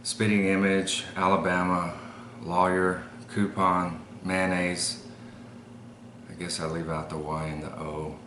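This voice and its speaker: A man's voice: low-pitched, flat delivery, takes it slowly, fairly bright tone, slight background noise. A man from El Paso with an El Paso accent, reading accent-tag questions and explaining his accent in a matter-of-fact way. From El Paso, Texas. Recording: roomy echo.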